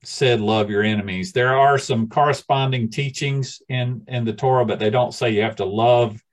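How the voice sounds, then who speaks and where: A man's voice: mid-range voice, fairly even intonation, moderate pace. A man leading a study group, teaching informally with a rambling, hesitant manner and many restarts.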